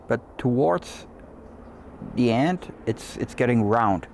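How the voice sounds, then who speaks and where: A man's voice: medium pitch, expressive, slow pace, a little mellow, a little hiss or hum. A man hosting a cigar show, talking in a loose, rambling way with many fillers and restarts. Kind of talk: casual chat.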